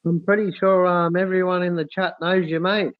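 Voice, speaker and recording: A man's voice: sits high, flat delivery, normal speed. A man hosting a casual livestream, reading out viewer comments and calling everyone mate and brother. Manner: warm, effusive, calls everyone mate and brother. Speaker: livestream host. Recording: tinny phone-like audio.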